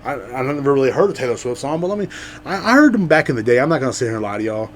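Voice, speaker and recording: A man riffs alone on his podcast in a loose, profane comedic monologue. He lurches from loud, excited bursts to half-swallowed mutters. His voice sits at an ordinary middle pitch, with a faint hum behind it. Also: very fast. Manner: rambling, profane, swings between loud outbursts and mutters. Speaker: podcast host.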